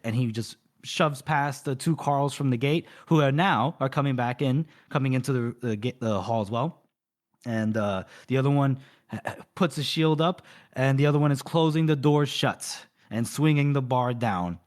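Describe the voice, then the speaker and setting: A man on a book podcast, talking through a story scene by scene in an easy, rambling way. His voice sits at an ordinary middle pitch, and he slips into quick put-on voices for the characters before dropping back to his own. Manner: rambling retelling with many fillers, acting out lines. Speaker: podcast co-host. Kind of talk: casual book recap.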